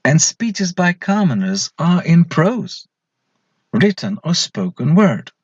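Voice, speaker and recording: A man's voice: a little high, big pitch swings, slow, a little mellow, slightly rough, no room sound. A man giving a recorded slide lecture as an English lecturer, posing questions to students and then answering them himself.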